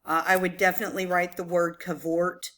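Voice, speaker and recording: A woman's voice: lowish voice, little pitch movement, brisk, a bit bright. A woman English teacher giving a recorded lesson, explaining patiently with frequent ums.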